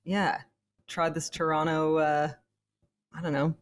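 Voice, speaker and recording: A woman's voice: low-pitched, little pitch movement, a little slow. A woman co-hosting a podcast in casual chat, chatty and laughing, often trailing off mid-sentence. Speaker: podcast co-host.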